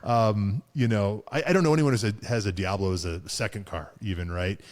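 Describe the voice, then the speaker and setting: A man's voice: fairly low pitch, fairly quick. A man co-hosting a car show, chatting casually with lots of fillers, restarts and chuckles. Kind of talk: casual chat.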